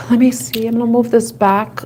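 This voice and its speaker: A woman's voice: fairly high pitch, background noise. A woman giving a casual tarot reading, talking and thinking aloud in a chatty, giggly way. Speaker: tarot reader.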